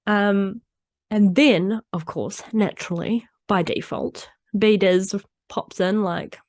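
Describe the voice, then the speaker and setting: A woman's voice: mid-range voice, steady tone, takes it slowly, darkish tone, no room sound, studio quality. A woman hosting a solo podcast, talking candidly in a chatty way, often laughing and acting out what people said. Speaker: podcast host.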